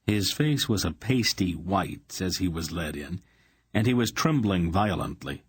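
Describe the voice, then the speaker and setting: A man narrating an audiobook with a measured, expressive reading. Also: deep voice, husky. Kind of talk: scripted narration.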